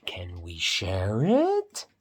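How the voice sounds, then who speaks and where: A man playing a slow, fretful elephant. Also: on the low side, huge pitch swings, sharp tone, husky, full character voice. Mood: curious. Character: anxious impatient male elephant.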